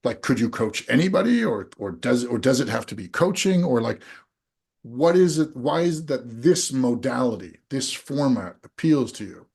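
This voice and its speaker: A man in his forties from Denmark, hosting and coaching a guest in a frank, energetic way, full of rhetorical questions. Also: mid-range voice, normal speed, gravelly, slightly rough. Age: 40s. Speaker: host, business coach. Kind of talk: coaching conversation.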